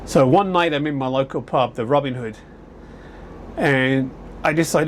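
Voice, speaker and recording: A man's voice: mid-range voice, moderate pace, slight background noise. A man vlogging casually to camera, chatty and rambling with frequent self-corrections, at home indoors. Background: air conditioner humming.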